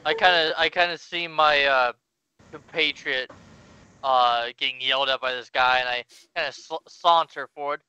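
A man's voice: mid-range voice, fairly even intonation, normal speed, sharp tone, clean tone, highs cut off. A man playing a tabletop game, laid-back and playful. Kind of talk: casual play at a tabletop game.

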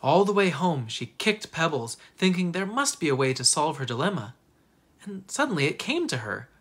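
Casting: an animated read-aloud storyteller, husky, lively in pitch. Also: normal speed. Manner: expressive, lively narration. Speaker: teacher reading aloud.

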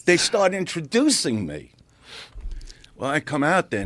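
A middle-aged man holds the floor with a crude, animated anecdote. His pitch leaps and dips as he acts out the people in it. The studio sound is dry and close. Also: measured pace, pauses often, no echo. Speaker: guest comedian. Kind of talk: casual storytelling. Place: podcast studio.

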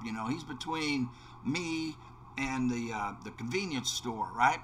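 A man's voice: mid-range voice, expressive, moderate pace, fairly bright tone, slight background noise. Rambling man telling a road story. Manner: rambling storyteller with many restarts and fillers. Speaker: let's play host. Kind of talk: casual anecdote told while gaming.

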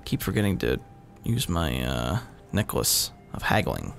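A man's voice: a bass voice, very animated, measured pace, creaky. A man giving rambling, casual commentary as he plays a game, mocking himself and swearing often. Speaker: gaming video host. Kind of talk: casual let's-play commentary. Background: game sounds and music.

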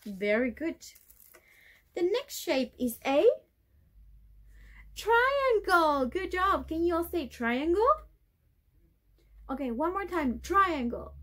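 A woman teaching a video class to young children, drawing out key words in a sing-song way for them to repeat. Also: sits high. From Chile.

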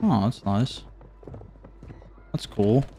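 A man streaming live gameplay, joking around, swearing casually and breaking into whooping shouts. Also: on the low side, extremely slow, a little hiss or hum. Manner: swears casually, talks to chat. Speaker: gaming streamer.

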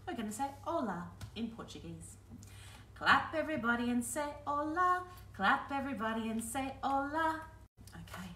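A woman runs a sing-along for babies and toddlers in a library, and her voice sounds bright and high. She sings simple nursery tunes and chats to the little children in a cheerful sing-song way. The room echoes, and she stands a little back from the mic. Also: recorded from a distance, a little hiss or hum. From Australia. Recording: roomy echo, a little off-mic.

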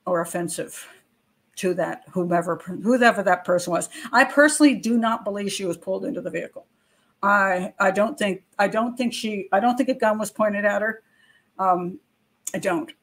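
An older woman hosting true-crime commentary, giving frank, opinionated views straight to viewers with casual asides and rhetorical questions. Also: mid-range voice. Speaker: criminal profiler and channel host.

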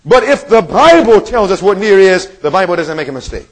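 A man's voice: high-pitched, big pitch swings, fairly quick, low-quality recording. A male evangelist preaching a sermon to a congregation in a meeting room, emphatic and quizzing his listeners with questions.

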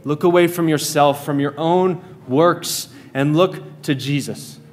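American man, preacher, earnest sermon, emphatic repetition, unhurried. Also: a little high. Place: church sanctuary.

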